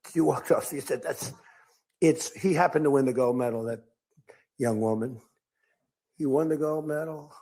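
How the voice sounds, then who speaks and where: Taking long pauses at a normal speed, an older man with a high-side, dark, slightly rough voice gives an unscripted, meandering speech to a crowd. As a political speaker, he tells stories and acts out quotes in varied voices.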